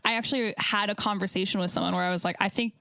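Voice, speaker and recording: A woman's voice: medium pitch, fairly even intonation, gravelly, sharp tone. An American woman hosting a casual podcast chat, bubbly and giggly. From United States. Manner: bubbly, giggly, quick to agree. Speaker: podcast host.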